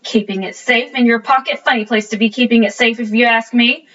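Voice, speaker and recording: A woman voicing a rough, suspicious man who drinks hard and talks in a gruff, accusing way, in a storybook reading. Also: fairly high pitch, steady tone, a little fast, fairly bright tone, far from the mic, muffled recording.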